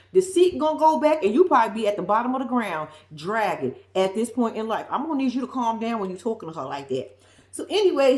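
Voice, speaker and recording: A sassy woman recaps a reality show in casual commentary, blunt and profane. Her fairly high voice swings widely in pitch, and she sounds like she is in an echoey room.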